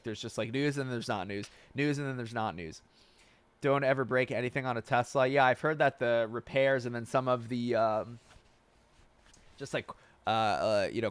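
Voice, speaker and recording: A man's voice: mid-range voice, no echo. A man in his twenties hosting a casual livestream Q&A, reading viewer questions aloud, swearing and getting worked up. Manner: animated, swears and gets fired up. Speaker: livestream host. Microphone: wearing headphones, close desk mic.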